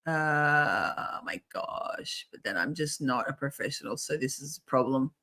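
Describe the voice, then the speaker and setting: A middle-aged woman hosting a casual livestream, chatty and swearing, often clearing her throat and restarting. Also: a bass voice, moderate pace, bright, forceful tone. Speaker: livestream host.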